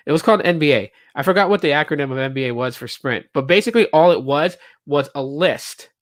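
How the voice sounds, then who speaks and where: A man's voice: mid-range voice, fairly bright tone, no room sound, studio quality. A man hosting a casual solo podcast, telling stories in a rambling way full of fillers and restarts, and acting out what customers said. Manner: acts out quoted customers and reps. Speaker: podcast host.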